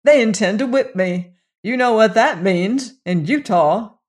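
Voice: mid-range voice, animated, unhurried, pitched above the performer's own voice, close to an everyday voice. A narrator voicing a defiant young man protesting his innocence in a western audiobook story. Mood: indignant. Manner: indignant, forceful.

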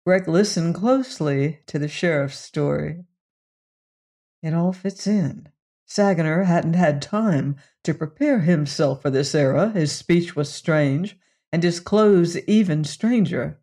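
A man reading a science fiction western story aloud in an unhurried, measured way. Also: on the high side, warm tone. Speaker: audiobook narrator. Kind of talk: scripted narration of a western sci-fi story.

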